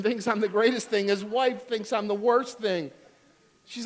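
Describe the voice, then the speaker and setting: A man's voice: high voice, fairly even intonation, a little slow. Preaching man, storytelling pastor. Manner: storytelling with humor, rising to emphatic exhortation. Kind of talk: sermon.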